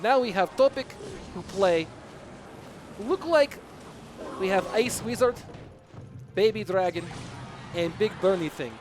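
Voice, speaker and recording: A man's voice: high-pitched, animated, a little slow, pauses often, a little hiss or hum. A man putting on a mock Russian accent to commentate a match, dropping his articles in broken English. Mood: playful. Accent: put-on Russian. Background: music.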